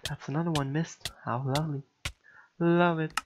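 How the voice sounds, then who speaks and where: A man's voice: on the high side, steady tone, moderate pace, background noise. A man giving casual gameplay commentary, frustrated and sighing, mocking himself as he mutters along. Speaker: gamer.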